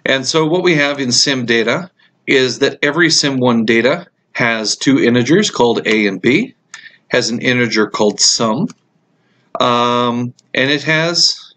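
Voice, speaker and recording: A man teaching a programming course over a screen recording, explaining code in a relaxed way with frequent ums and uhs, while he has the hiccups. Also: mid-range voice, measured pace. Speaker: computer science instructor. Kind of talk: screencast code walkthrough lecture.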